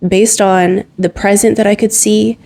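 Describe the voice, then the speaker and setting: A woman's voice: medium pitch, little pitch movement, measured pace, vocal fry, darkish tone. A young adult woman narrating her own story in a candid, conversational way, often using "like" as a filler.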